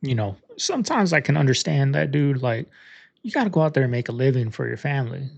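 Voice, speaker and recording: A man's voice: mid-range voice, animated, quick pace, vocal fry, lo-fi sound, faint music behind. A man hosting a reaction channel, talking casually and earnestly straight to his viewers, rambling a little as he gives his view.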